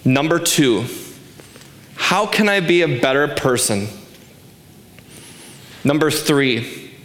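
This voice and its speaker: A man's voice: fairly high pitch, lively intonation, slow, fairly bright tone, echoey room. A man in his forties giving a sermon as pastor, earnest and emphatic, asking rhetorical questions. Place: church sanctuary.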